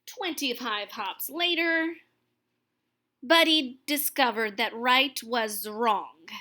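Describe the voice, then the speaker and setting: Woman storyteller, children's book reading, expressive, gentle, high pitch. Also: slow pace.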